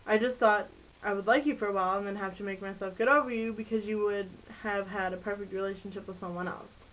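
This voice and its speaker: A woman's voice: mid-range voice, fairly even intonation, quick pace, fairly bright tone, close to an everyday voice, low-quality recording. A woman voicing a sweet, devoted teenage boyfriend, read in an earnest, apologetic way. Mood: tender.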